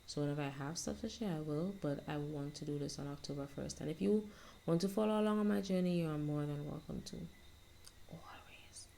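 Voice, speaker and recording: A young woman vlogging casually at home, soft-spoken and rambling as she reflects on her life. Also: sits low, fast, vocal fry, a little hiss or hum. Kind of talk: casual self-help vlog monologue.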